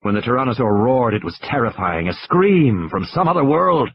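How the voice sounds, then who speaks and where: A man's voice: medium pitch, animated, moderate pace, muffled recording, heavy background noise. A man narrating an audiobook with a tense, dramatic delivery.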